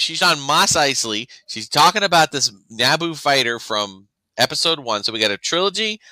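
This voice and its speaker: A man's voice: fairly high pitch, animated, moderate pace, bright, forceful tone, dry recording, rough recording. A man co-hosting a podcast in casual chat, rambling with frequent restarts and acting out other people's reactions. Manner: rambling, restarts often, acts out quoted reactions. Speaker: podcast co-host.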